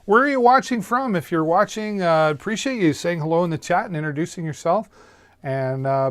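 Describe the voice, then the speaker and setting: A man hosting a casual live-stream where he pitches deals, talking in a chatty, folksy way with plenty of fillers and restarts. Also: moderate pace, dry recording. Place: home streaming setup. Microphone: studio microphone on a mixer.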